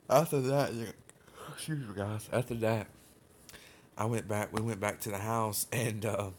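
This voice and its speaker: A man's voice: medium pitch, slight background noise. A man hosting a livestream, telling a long personal story in a loose, rambling way. He keeps calling his viewers "guys" and speaks with informal grammar and plenty of fillers. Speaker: livestream host.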